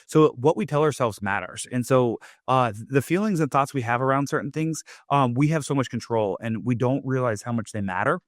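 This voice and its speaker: A man's voice: medium pitch, expressive, fairly quick, hardly any pauses, no echo, studio quality. A man hosting his own podcast, talking in a loose, casual monologue full of "like" and "right?". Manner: loose, chatty, leans on "like" and "right?". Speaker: podcast host.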